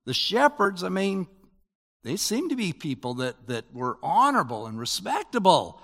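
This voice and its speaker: Animated older man preaching in a hall. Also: high-pitched, moderate pace. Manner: animated, conversational preaching with rising emphasis. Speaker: pastor. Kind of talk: sermon.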